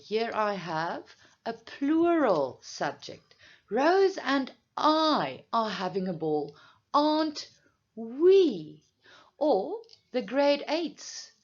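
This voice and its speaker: A woman teaching a grammar lesson, speaking slowly and deliberately, with clear emphasis. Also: medium pitch, highs cut off.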